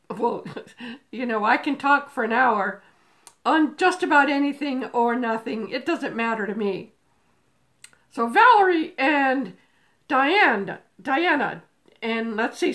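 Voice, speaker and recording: An older woman with a high, pushed, bright voice hosts a casual livestream from a room at home. She chats and greets viewers by name into a phone camera resting on a table.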